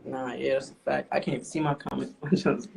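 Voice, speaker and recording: A young man, a rapper guest, talking casually and haltingly with lots of fillers. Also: mid-range voice, little pitch movement, creaky. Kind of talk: casual interview talk. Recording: faint background noise.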